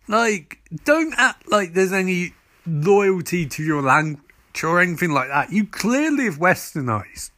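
A man's voice: high-pitched, animated, measured pace, fairly bright tone. A man ranting through a sarcastic, profane recap of a TV show. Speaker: TV reviewer.

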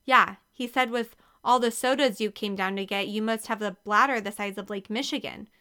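Sporty, dry-witted teen girl in a storybook, read by a woman, bright and crisp. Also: medium pitch, steady tone, moderate pace, close to an everyday voice. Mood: wry. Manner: dry, glum.

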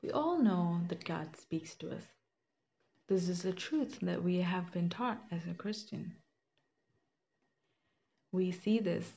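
A woman's voice: lowish voice, gravelly, darkish tone. A young woman sharing a personal faith story in an earnest, conversational way, with fillers and restarts. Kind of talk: reflective personal testimony. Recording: slightly muffled with faint background hiss.

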